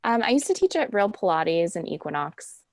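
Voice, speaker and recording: A woman leading a Pilates class over a video call, her low voice roughened by a gravelly fry. She counts and cues with a calm, soothing steadiness, and the sound is close and dry with no room around it. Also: normal speed, no room sound. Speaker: Pilates instructor. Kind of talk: cueing a mat Pilates class.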